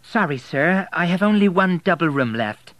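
A man's voice: fairly high pitch, expressive, normal speed, a bit bright, no echo, pitched above the performer's own voice. A man doing a suspicious hotel receptionist. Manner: polite, suspicious.

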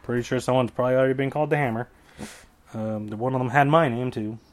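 A man's voice: medium pitch, fairly even intonation, fast talker. Rambling, jokey male podcast host. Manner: rambling, jokey, self-correcting. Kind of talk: casual solo fight predictions.

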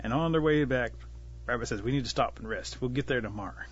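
A man telling a traditional animal tale in an unhurried, folksy way, giving the animals light voices of their own. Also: medium pitch, highs cut off, a little hiss or hum. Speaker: storyteller. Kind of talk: oral storytelling of a traditional tale.

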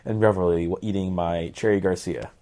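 A man's voice: deep voice, fairly even intonation, brisk, dark tone. Brief: playful man guest, mock-dramatic grumbling, casual chat. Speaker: podcast guest.

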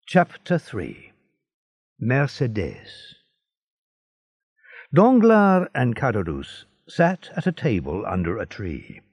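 A man narrating a storybook in a measured, expressive reading. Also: fairly low pitch, husky, no room sound, dull audio.

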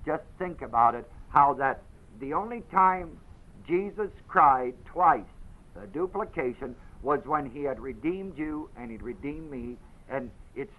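A man preaching a sermon, moving from quiet explanation to loud, dramatic quoting of scripture. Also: on the high side, animated, measured pace. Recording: dull lo-fi audio.

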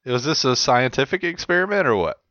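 A man on a casual podcast, halting and laughing often as a quiz contestant. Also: medium pitch, expressive, fairly bright tone, no echo, lo-fi sound. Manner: laughs a lot, halting and reactive.

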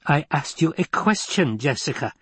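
A man's voice: fairly high pitch, animated, moderate pace, fairly bright tone, breathy edge, no room sound, voice pushed up, heavily acted. A man reading an audiobook, voicing a stern, snappish old woman who leads a scheming sisterhood. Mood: cold, scolding. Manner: snappish, sneering, demanding.

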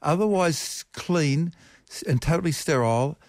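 An Australian man on radio talkback, chatting in an excitable, rambling and gleeful way. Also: a little high, a little slow, no echo. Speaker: science talkback guest. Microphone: studio mic.

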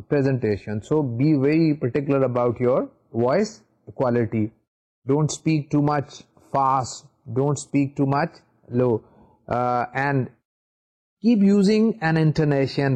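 Mellow-voiced man giving a university lecture. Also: medium pitch. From Pakistan. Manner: measured, explanatory, with frequent "uh" pauses. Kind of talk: recorded video lecture. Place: seated in a studio.

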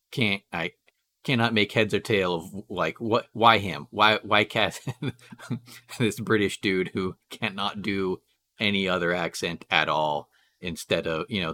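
A man co-hosting a podcast, chatting casually about a movie in a halting way, full of restarts and "uh"s. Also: sits low, sharp tone, slight background noise. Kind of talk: casual movie discussion chat.

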